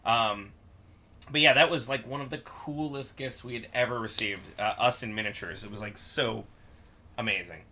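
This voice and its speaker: A man's voice: medium pitch, moderate pace, sharp tone. A young man in a band, casually rambling through tour stories on a livestream chat and laughing often. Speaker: band member co-host.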